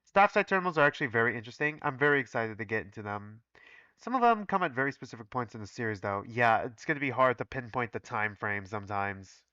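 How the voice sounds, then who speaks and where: A man's voice: medium pitch, lively intonation, fast, bright, forceful tone, dry recording, muffled recording. A man reading through a fan game and commenting casually, thinking aloud with some swearing.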